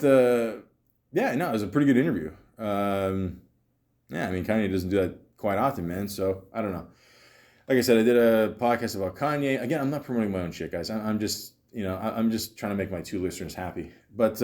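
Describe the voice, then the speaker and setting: A man's voice: lowish voice, a little mellow. A young man from Canada hosting a podcast, reading out a list and breaking off into rambling, self-mocking asides with plenty of swearing. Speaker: podcast host. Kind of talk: casual commentary reading a list aloud.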